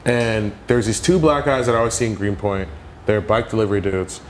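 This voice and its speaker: A young man with a low voice talks through a story in a relaxed interview, leaning on "like" at every turn. His storytelling is animated, and a faint hiss of background noise sits under the recording. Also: brisk. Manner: animated storyteller, heavy "like" fillers. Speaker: podcast guest.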